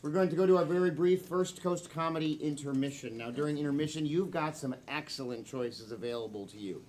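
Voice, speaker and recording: High-voiced male improv host. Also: a little fast, darkish tone. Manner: upbeat, addresses the audience. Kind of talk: live improv hosting. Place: comedy theater stage with audience. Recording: live room with audience crowd noise.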